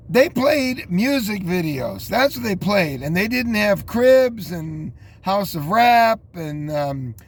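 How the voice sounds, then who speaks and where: A man in his fifties hosting a casual commentary, rambling with many fillers and restarts. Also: high-pitched. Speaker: host.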